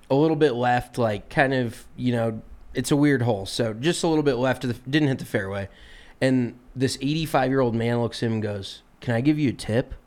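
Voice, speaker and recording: Man, podcast co-host, casual storytelling, animated, swears a lot, mid-pitched voice. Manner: animated, profane, exasperated storytelling.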